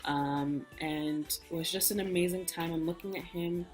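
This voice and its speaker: A woman's voice: on the low side, moderate pace. A young woman vlogger candidly telling a personal story in casual chat, acting out what people said. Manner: candid, animated storytelling, acts out quoted speech. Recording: soft music bed behind.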